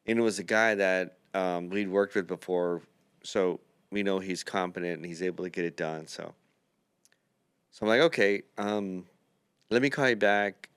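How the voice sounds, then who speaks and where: A man's voice: sits low, moderate pace, fairly bright tone, smooth, no echo. A man hosting a podcast, telling a long rambling anecdote full of quoted dialogue in a casual chat. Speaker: podcast host, dental builder.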